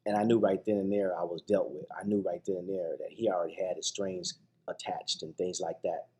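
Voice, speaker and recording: A man's voice: sits low, fairly even intonation, brisk, warm tone. A man guest on a radio interview, telling his personal story with emphatic repetitions and frequent restarts. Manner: acts out quoted voices. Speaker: guest, TV show founder.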